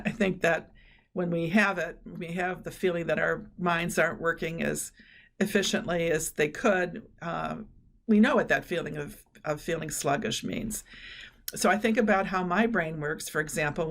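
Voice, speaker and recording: A woman's voice: fairly low pitch, fairly even intonation, normal speed, creaky. A middle-aged woman giving a webinar presentation on learning, talking in an earnest, explanatory way with frequent fillers. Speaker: presenter on cognitive training.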